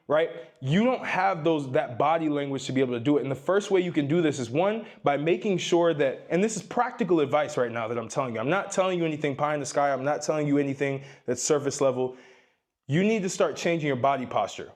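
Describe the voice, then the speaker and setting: A man's voice: fairly high pitch, a little mellow. A young man giving dating advice straight to the camera, emphatic and lecturing, shifting his tone up and down to stress his points. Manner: emphatic, lectures the viewer with repeated "you need to"; varies tone on purpose to stress points. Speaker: dating and self-improvement advice creator. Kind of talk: direct-to-camera advice monologue. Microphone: facing camera.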